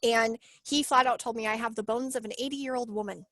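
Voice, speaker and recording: A woman in her late twenties talks on a video call in a fairly high voice, and the sound is close and dry. She tells her story with emotion and life, acting out the lines other people said. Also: brisk, dry recording. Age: 20s. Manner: emotional, animated storytelling with acted-out quotes. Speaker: workshop guest sharing her story. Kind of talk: casual video-call chat.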